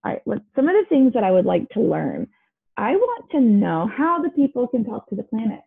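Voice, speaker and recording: A woman's voice: on the high side, sing-song, brisk, creaky, husky, narrow, tinny audio. A woman teacher reading a picture book aloud to her class, pointing things out and asking questions. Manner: guiding and questioning.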